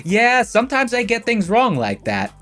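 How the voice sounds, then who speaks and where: A man putting on the voice of a deadpan AI voice assistant, with a flat, slowed delivery, as faint music plays behind. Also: extremely high pitch, voice pushed up, heavily acted. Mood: robotic. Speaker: livestream host.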